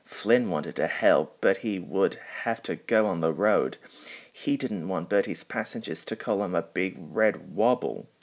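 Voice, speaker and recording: A man reading a children's picture book aloud in a lowish voice. He goes very slowly and carefully, pausing between phrases. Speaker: storybook reader. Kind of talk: storybook narration.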